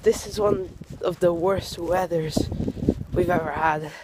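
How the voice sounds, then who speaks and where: A man's voice: on the high side, fairly even intonation, unhurried. A young man with an Irish accent, out of breath as he rambles through a casual walking vlog outdoors on a snowy street. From Ireland. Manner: breathless, rambling, loose fillers. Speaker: vlogger. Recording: loud wind noise outdoors.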